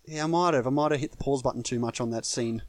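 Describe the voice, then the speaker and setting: A man's voice: mid-range voice, fast. An Australian man co-hosting a casual film review podcast, chatty and joking. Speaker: podcast co-host.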